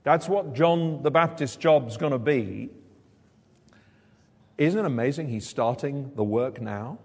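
A man preaching an expository sermon in a church hall, animated and acting out quoted lines with big jumps in pitch. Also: measured pace, husky. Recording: long hall reverb.

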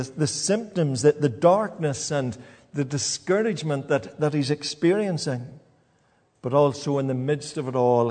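A man preaching a sermon in a church, halting and repeating words as he talks. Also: a little high, darkish tone, big-room sound.

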